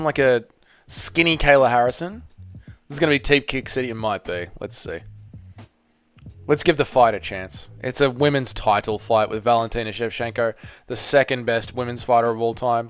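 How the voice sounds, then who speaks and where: A man hosting a live fight watch party, giving blunt, excitable casual commentary, swearing freely and reading chat. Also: mid-range voice, normal speed, clean tone, faint music behind.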